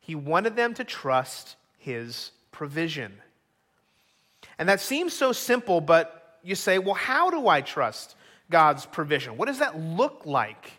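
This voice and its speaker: A man's voice: a little high, sing-song, takes it slowly, sharp tone. A middle-aged man preaching a sermon as pastor, earnest and acting out quoted voices.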